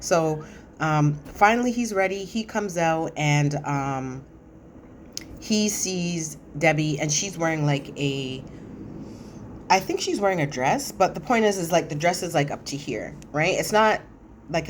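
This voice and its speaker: A woman with a low voice talks through a reality TV episode in a loose, chatty recap. She is sassy and opinionated and leans on fillers as she goes. A faint hum of noise sits behind her. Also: lively intonation, a little slow. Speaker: reality TV review commentator. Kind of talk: casual recap commentary.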